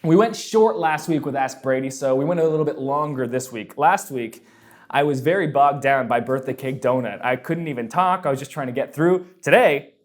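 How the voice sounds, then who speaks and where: A man hosting a casual Q&A explainer show, talking in an energetic, animated and jokey way. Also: mid-range voice, moderate pace. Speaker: show host answering viewer questions.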